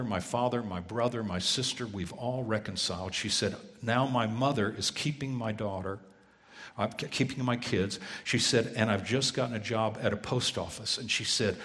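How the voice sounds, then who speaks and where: Low-voiced man preaching a story, echoing hall. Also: fairly bright tone. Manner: earnest storyteller who acts out dialogue. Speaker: pastor. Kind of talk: sermon storytelling.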